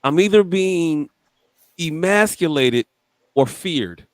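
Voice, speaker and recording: A man co-hosting a podcast, telling stories in casual chat with lots of swearing and sudden high-pitched quoted voices. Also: normal speed, long pauses, no echo, studio quality. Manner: animated storytelling, swearing, jumps to high voices when quoting people. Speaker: podcast co-host.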